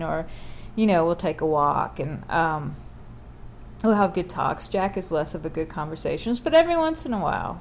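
A woman's voice: lowish voice, slight background noise. A middle-aged woman talking casually in a wry, exasperated monologue.

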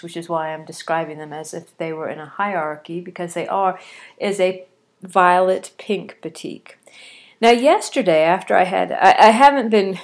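Woman podcaster, lowish voice, stuffed up from a cold, rambling home diary chat. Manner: chatty and rambling, with frequent restarts. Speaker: quilting podcaster. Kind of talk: casual audio diary. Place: home, sitting on a couch.

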